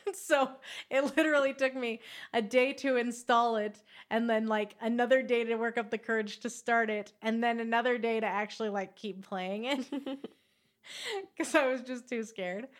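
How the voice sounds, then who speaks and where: A woman's voice: fairly high pitch, a little slow. A woman co-hosting a casual chat about video games, telling stories with lots of giggles. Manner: giggly, animated storytelling. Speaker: podcast co-host.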